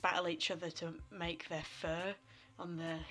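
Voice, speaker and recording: A woman's voice: fairly low pitch, level tone, unhurried, fairly bright tone. A woman co-hosting a podcast, chatting about films in a playful, joking way. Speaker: podcast co-host. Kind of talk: casual film chat.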